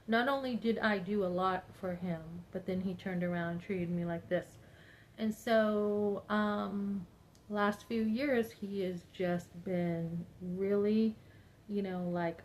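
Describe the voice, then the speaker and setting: A woman's voice: medium pitch, steady tone, measured pace, slight background noise, poor audio. A woman in her fifties talking to her viewers in a personal monologue. She sounds upset and speaks emphatically, rambling and acting out what other people said. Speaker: vlogger.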